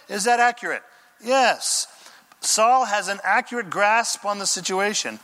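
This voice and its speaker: A male pastor preaching a lively, conversational sermon and asking his listeners questions. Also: high voice, measured pace.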